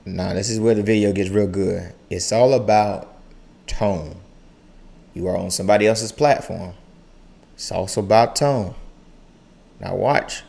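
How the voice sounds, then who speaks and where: A young man hosting a casual reaction video, talking in an animated way and repeating phrases for emphasis. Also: lowish voice, unhurried, vocal fry, pauses often. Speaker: YouTube reaction host.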